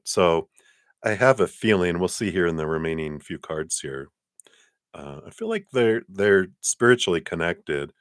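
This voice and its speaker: A man giving a live-streamed tarot reading in a chatty, animated way, laughing often as he tells stories. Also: deep voice, dry recording, clean studio sound. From lives in Colorado. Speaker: tarot card reader.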